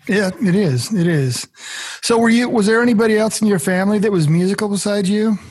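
A man's voice: high-pitched, fairly quick, darkish tone. A man hosting an interview, asking curious questions and cracking jokes. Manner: curious and joking. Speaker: podcast host.

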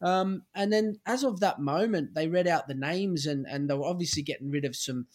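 Australian man telling stories, raised pitch. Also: moderate pace. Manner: relaxed anecdotal, many fillers, casual swearing. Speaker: podcast guest, former footballer. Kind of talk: candid storytelling chat.

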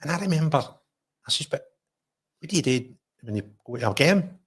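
A Scottish man hosting a podcast, telling an animated anecdote in casual chat, with some swearing. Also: on the high side, moderate pace, husky.

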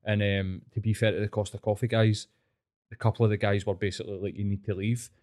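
A man's voice: fairly low pitch, fast talker. Sweary Glaswegian man telling stories. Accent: Glaswegian Scottish. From Scotland. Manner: heavy swearing, animated storytelling. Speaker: podcast host. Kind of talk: casual chat.

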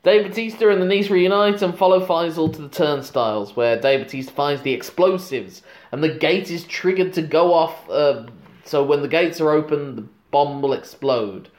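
A man's voice: a little high, moderate pace, echoey room. A man recapping a film plot in casual chat, with dry asides. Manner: narrates plot in long runs, dry asides. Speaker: podcast co-host recapping a film.

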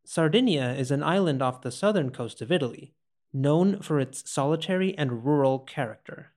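A man's voice: a little high, animated, normal speed, darkish tone. Man narrating a podcast. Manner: clear, explanatory. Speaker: podcast host. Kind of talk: scripted narration.

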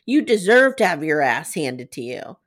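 A woman co-hosting a casual recap podcast, retelling scenes and quoting lines with quick asides. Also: sits low, big pitch swings. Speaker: podcast co-host.

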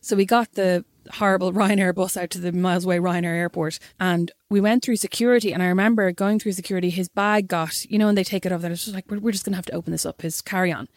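A young Irish woman telling a story in casual chat, animated and swearing freely. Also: fairly low pitch, fast talker, few pauses, no echo, clean studio sound. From Ireland.

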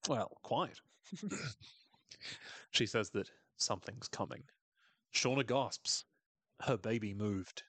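A man's voice: fairly low pitch, slow pace, pauses often, fairly bright tone, slightly rough, no echo. A man hosting a podcast, recapping a TV episode in a casual, irreverent way, swearing and laughing often. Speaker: podcast host.

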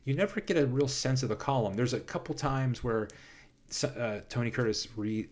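A man in casual film discussion, animated and quick in bursts, often restarting his sentences. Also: medium pitch.

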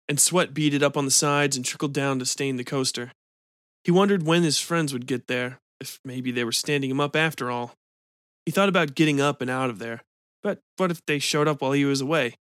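A man hosting a podcast and reading a short story in an even, measured way. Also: a little high, dry recording, studio quality. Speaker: podcast host and narrator. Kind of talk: scripted story narration.

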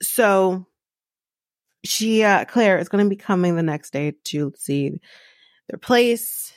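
A woman's voice: mid-range voice, lively intonation, slow pace, dry recording, studio quality. A woman hosting a podcast, recapping a show in casual chat with lots of fillers and sarcastic asides.

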